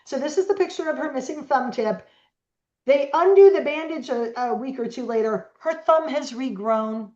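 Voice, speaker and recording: Animated woman telling stories, echoey room. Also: sits high, moderate pace. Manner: animated storyteller acting out quoted voices. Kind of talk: storytelling interview talk. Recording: echoey, dull lo-fi sound.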